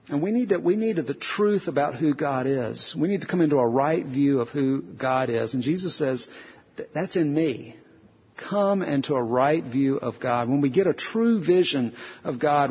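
A slightly high, gravelly male pastor preaching an earnest, conversational sermon in a large sanctuary. He restarts his sentences, repeats phrases and poses rhetorical questions to the room. The recording is dull and lo-fi, with a long hall reverb trailing each line.

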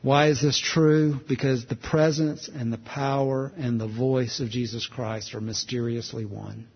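A man's voice: medium pitch, fairly even intonation, unhurried, husky, in a large hall, lo-fi sound. A man preaching a sermon in a conversational, storytelling way, restarting phrases as he goes.

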